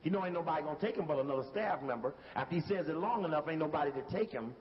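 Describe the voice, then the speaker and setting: High-voiced, emphatic man narrating over footage. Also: lively intonation, very fast, big-room sound, lo-fi sound. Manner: emphatic, talks straight to the listener and calls out cues to stop and rewind. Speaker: video commentator. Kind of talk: casual commentary over video footage.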